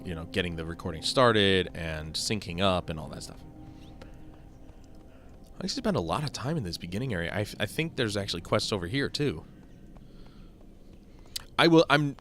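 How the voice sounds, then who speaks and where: A man's voice: low voice, a bit bright. A man giving casual, rambling gameplay commentary, thinking aloud and poking fun at himself. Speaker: gaming video host.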